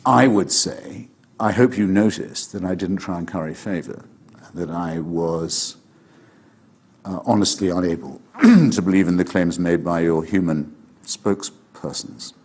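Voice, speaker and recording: A man answering questions in a sardonic, deliberate way with precise wording. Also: sits low, expressive, a little mellow, breathy edge.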